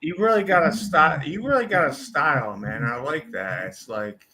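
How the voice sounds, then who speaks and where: A man's voice: fairly high pitch, expressive, normal speed. Laid-back slangy man over a noisy mic. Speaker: host. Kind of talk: casual chat.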